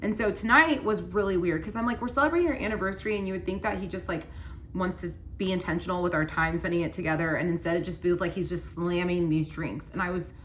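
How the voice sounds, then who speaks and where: A woman's voice: lowish voice, fairly even intonation, fairly quick, a bit bright, slight background noise. A woman telling a personal story in a casual storytime style, chatty and full of "like", talking straight to her viewers. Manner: chatty, heavy use of "like"; addresses the viewers directly.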